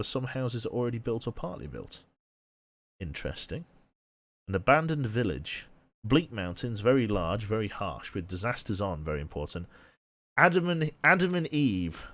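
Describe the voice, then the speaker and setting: A man's voice: medium pitch, no room sound. A man streaming a game, thinking aloud and rambling to himself with many restarts. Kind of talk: casual thinking-aloud gameplay commentary.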